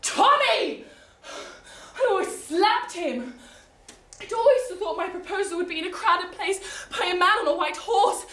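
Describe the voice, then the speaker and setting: A woman's voice: extremely high pitch, moderate pace, a bit bright. A young woman performing a comic period monologue, theatrical and giggly, playing every part herself. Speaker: drama student performing a monologue. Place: rehearsal room. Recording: echoey room, mic far off.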